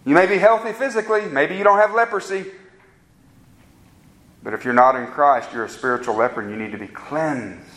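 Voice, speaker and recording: A man preaching a sermon as a pastor, with rising emphatic peaks and slow, drawn-out stresses on key words. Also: fairly high pitch, fairly bright tone, roomy sound, low-quality recording.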